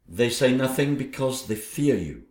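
A man's voice: mid-range voice, sing-song, a little slow, darkish tone. A man acting in an amateur audio drama with a theatrical, menacing delivery. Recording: echoey room.

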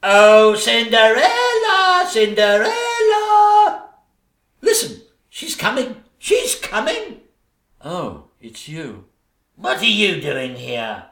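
A man's voice: on the high side, wildly swooping pitch, slow, creaky, bright, forceful tone, heavily acted. A man playing a catty, vain ugly stepsister in a pantomime stage comedy, with a camp, teasing sing-song delivery. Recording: echoey stage recording.

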